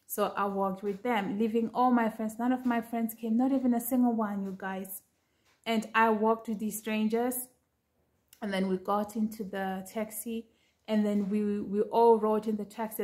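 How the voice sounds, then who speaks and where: A woman earnestly recounting a dream to her viewers in casual storytelling, with lots of fillers. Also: mid-range voice. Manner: earnest, talks straight to viewers with many fillers. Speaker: vlogger sharing a prophetic dream.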